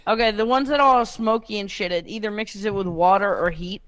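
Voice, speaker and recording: Young man, high voice, dry close sound, casual swearing storyteller. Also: brisk, clean tone, no echo. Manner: animated storytelling, heavy swearing. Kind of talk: casual chat.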